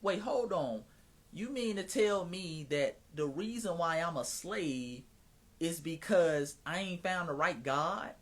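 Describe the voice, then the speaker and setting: Male live-stream host, slightly high pitch, animated preacher-like cadence, mocking asides. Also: slow. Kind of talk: casual live-stream commentary.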